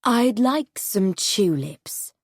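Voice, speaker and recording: A woman voicing a gentle farm wife who speaks softly and politely in a slow storybook reading. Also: mid-range voice, lively intonation, slightly rough, no echo, studio quality, exaggerated voice.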